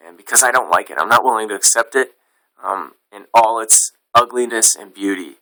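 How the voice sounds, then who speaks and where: A man's voice: fairly low pitch, fairly quick, bright, forceful tone, poor audio. A man teaching as a Buddhist meditation teacher in an informal dharma talk, plain-spoken and frank, with some casual swearing.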